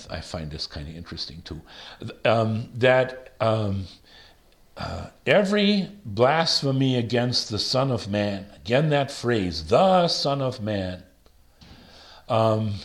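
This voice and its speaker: A man leading a Bible study, thinking aloud with rhetorical questions and slowing down to stress the verses he reads. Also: mid-range voice. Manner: slows down to stress quoted verses. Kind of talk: conversational Bible teaching.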